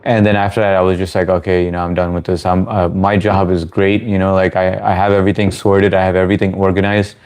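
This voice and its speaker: A man in his thirties with a deep, low-pitched voice hosts a casual livestream. He answers chat questions in a loose, friendly, rambling way, often restarting his sentences. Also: little pitch movement, fast, hardly any pauses, a little mellow. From United States. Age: 30s. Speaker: livestream host.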